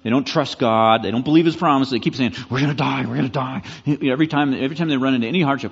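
A man preaching a sermon as pastor, conversational and animated, pushing hard to make his points. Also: medium pitch, quick pace, gravelly, hardly any pauses, slightly rough, in a large hall, dull audio.

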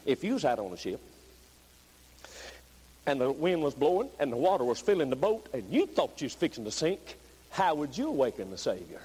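A man preaching a revival sermon, moving from low, plain talk up to high, shouted pleading. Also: sing-song, normal speed, pauses often, slightly rough, low-quality recording.

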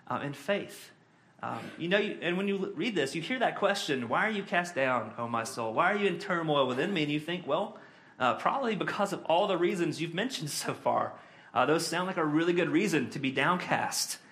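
A man preaching a sermon as pastor, earnest, reading scripture slowly and talking it through with frequent fillers. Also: on the high side, a bit bright.

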